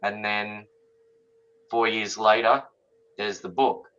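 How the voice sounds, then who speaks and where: A low-voiced, slow-paced middle-aged man, interviewed as a guest author, recounts something from his own life in a casual way. He gets animated re-enacting the conversations he recalls, and the audio is dull and lo-fi.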